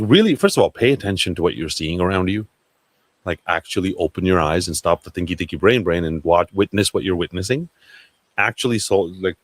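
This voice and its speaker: A man's voice: low voice, no room sound. A man hosting a casual livestream, rambling and swearing as he talks to viewers. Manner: rambling, profane, excitable. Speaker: livestream host.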